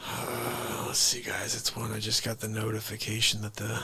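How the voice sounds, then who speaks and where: A man's voice: lowish voice, completely flat delivery, normal speed, vocal fry, crowd noise. A man hosting a casual comedy livestream, playful and rambling as he chats. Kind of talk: casual live-stream chat.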